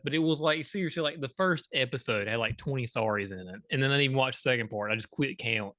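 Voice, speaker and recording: A man co-hosting a podcast in casual chat, talking in a lively way and often breaking off mid-sentence. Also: medium pitch, fast talker, few pauses, no echo, studio quality. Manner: lively, self-interrupting, chuckly. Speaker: podcast co-host.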